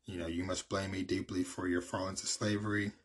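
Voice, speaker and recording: A cold, scheming young emperor speaks in a deep, flat voice with a husky edge, as a man reads his lines aloud. He sounds calm and proud, with barely any rise or fall in pitch. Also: brisk.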